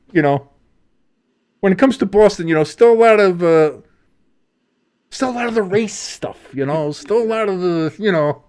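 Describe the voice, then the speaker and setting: A man co-hosting a casual sports podcast, rambling and swearing freely with lots of fillers. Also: sits high. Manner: profane, rambling, heavy fillers. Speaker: podcast co-host.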